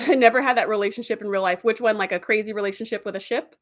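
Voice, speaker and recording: A woman's voice: mid-range voice, fast talker. A woman casually and animatedly retelling TV episodes as a reviewer, with lots of fillers. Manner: animated, chatty, with fillers and laughs.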